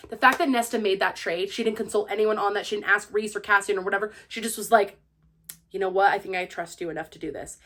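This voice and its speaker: A woman's voice: mid-range voice, bright, forceful tone. A young woman giving a casual spoiler-filled book review, gushing and acting out the characters' lines with lots of "like". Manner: peppers her speech with "like".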